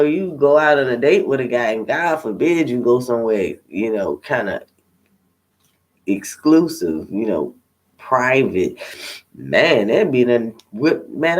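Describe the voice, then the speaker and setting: A tired man, a tarot reader, chatting to viewers in a candid, rambling way with plenty of swearing. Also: medium pitch. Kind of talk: casual unscripted chat to viewers.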